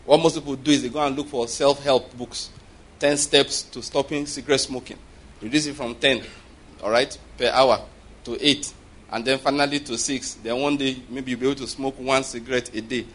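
Male pastor, husky tone, lively sermon delivery with frequent call-and-response checks. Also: mid-range voice. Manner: animated preaching with call-and-response checks and acted-out voices.

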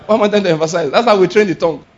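A man preaching a sermon, animated and often laughing, firing rhetorical questions and shouting exclamations. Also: high-pitched, very fast. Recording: dull lo-fi sound.

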